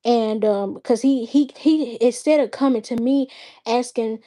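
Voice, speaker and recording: Woman streamer, somewhat high voice, slow unhurried delivery, blunt and exasperated. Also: dark tone. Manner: blunt, exasperated storytelling with cursing. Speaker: livestream host. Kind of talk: casual chat.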